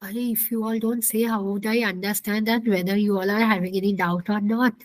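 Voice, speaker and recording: A woman's voice: mid-range voice, steady tone, a little fast, no echo, rough recording. A woman lecturing an online counselling class, explaining step by step, repeating points and asking the class questions. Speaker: counselling instructor.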